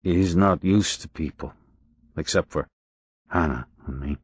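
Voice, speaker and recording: A man voicing a shaken older male neighbour who speaks in a quavering, halting way. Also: sits low, husky, no echo. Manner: hesitant, halting.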